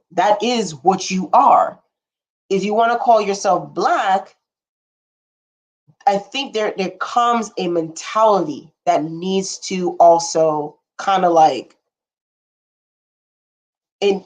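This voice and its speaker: A woman's voice: medium pitch, darkish tone. A young woman hosting a casual livestream, rambling frankly with blunt asides and casual swearing, and answering viewer comments as she talks. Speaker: livestream host.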